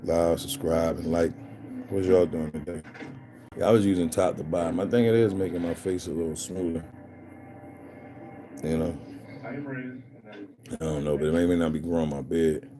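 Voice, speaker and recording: Young Philly guy, low voice, loose rambling livestream host, crowd noise behind. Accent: Philadelphia. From Philadelphia. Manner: loose, rambling, talks straight to viewers. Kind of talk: casual livestream chat.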